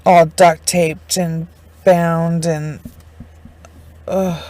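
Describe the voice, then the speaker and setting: A woman's voice: on the low side, flat delivery, drawn-out words, a little mellow, dry recording, poor audio. A woman casually retelling a true crime case, chatty and indignant, full of fillers and swearing. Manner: emotionally invested, indignant.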